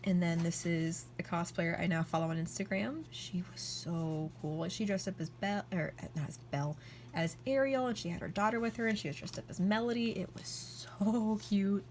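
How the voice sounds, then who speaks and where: A young woman vlogger chatting casually as she flips through her journal, rambling and excitable, with "like" in almost every sentence. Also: fairly low pitch, moderate pace, a little hiss or hum. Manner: rambling and excitable, heavy use of "like".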